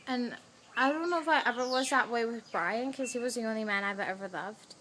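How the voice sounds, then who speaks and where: A woman's voice: on the high side, a little fast, fairly bright tone, a little hiss or hum. A teenage girl venting to camera in a chatty storytime, swearing often and replaying events as back-and-forth dialogue. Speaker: vlogger. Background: roosters crowing faintly outside.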